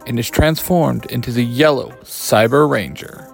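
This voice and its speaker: Brief: male narrator, even mid pitch, soft music underneath. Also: unhurried, creaky. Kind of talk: fan audio drama narration.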